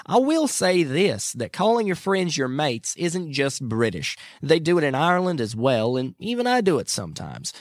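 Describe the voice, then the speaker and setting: A man's voice: a little high, huge pitch swings, moderate pace, hardly any pauses, no echo, studio quality. A man hosting a podcast, chatty and self-mocking, turning earnest when he shares a devotional. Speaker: podcast host. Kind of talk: casual chat and devotional talk.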